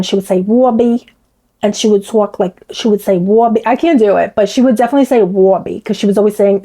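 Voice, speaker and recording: A woman's voice: mid-range voice, dark tone. A woman with a faint Bronx accent, rambling through casual commentary with many restarts. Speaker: commentary vlogger.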